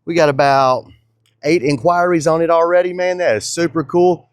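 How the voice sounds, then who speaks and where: A young man chatting casually in his shop vlog, laid-back and excited, tossing in "dude" and "man". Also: a little high, moderate pace, dry recording, studio quality. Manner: laid-back and enthusiastic, drawling, calls viewers dude and man. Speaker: custom truck builder and vlogger.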